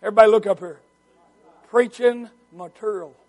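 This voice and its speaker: High-pitched, shouting preacher man. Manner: shouting, drawn-out emphatic delivery. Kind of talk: revival sermon.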